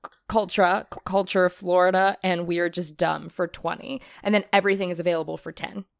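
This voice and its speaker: A woman's voice: on the low side, steady tone, brisk, creaky. A woman joking around as a player in a casual trivia game. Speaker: quiz player.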